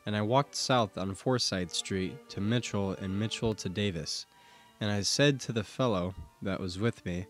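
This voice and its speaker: A man narrating an audiobook, giving a steady, measured first-person reading of historical court testimony. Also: on the low side, faint music behind.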